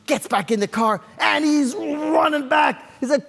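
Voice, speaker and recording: A man tells a story with lively, sing-song delivery, acting out each scene. His voice is strikingly high for a man. A long hall reverb lingers after his words. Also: normal speed, creaky. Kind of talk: animated oral storytelling.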